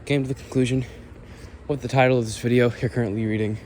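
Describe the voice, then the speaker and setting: A man vlogs while walking and jogging outdoors, out of breath, rambling and humming made-up lyrics in a casual walk-and-talk. His mid-range voice has a darkish tone and fairly even intonation, and he talks fast. Noisy outdoor ambience fills the recording.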